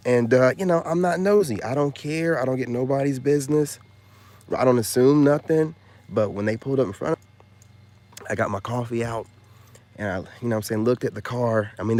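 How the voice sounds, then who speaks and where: A man vlogging a casual story in a rambling, slangy way, dropping loud boasts and then hushed asides, full of filler phrases. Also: fairly low pitch.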